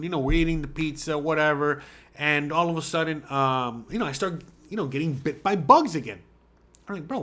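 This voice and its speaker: A man hosting a podcast, telling a rambling, profane story in a casual way and acting out barks and his own shouts. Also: fairly high pitch. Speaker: podcast host.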